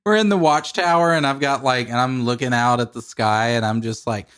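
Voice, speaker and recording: A man's voice: mid-range voice, a little fast, a bit bright, clear, resonant tone. A man co-hosting a podcast in casual chat, laid-back and rambling, laughing between lines. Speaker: podcast co-host.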